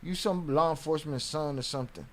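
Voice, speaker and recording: A man's voice: fairly high pitch, quick pace. A man streaming live and reacting to an interview, ranting at a viewer in a profane, confrontational way.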